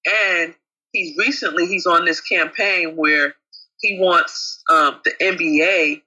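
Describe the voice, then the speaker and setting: A man co-hosting a casual talk show, chatty and affectionate, with a husky voice. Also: on the high side, steady tone, slow pace, pushed and bright, poor audio. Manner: chatty, calls co-host babe. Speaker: co-host. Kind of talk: casual chat.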